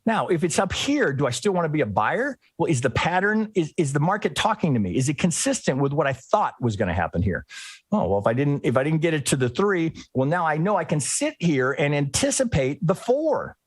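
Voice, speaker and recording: A man's voice: on the high side, sing-song, a little fast, husky, no echo. A man teaching a live trading lesson, talking through charts and acting out traders' inner thoughts. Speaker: trading educator.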